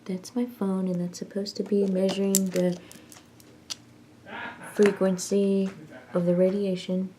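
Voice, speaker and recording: A woman's voice: mid-range voice, flat delivery, measured pace, long pauses, dark tone, slight background noise. A woman vlogging in a casual chat, rambling and self-mocking as she tinkers and jokes.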